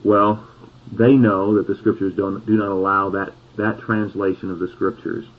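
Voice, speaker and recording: A man preaching a sermon, reading scripture slowly and pausing on key words for emphasis. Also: on the low side, flat delivery. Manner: slow, deliberate scripture reading with emphatic pauses. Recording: tinny phone-like sound.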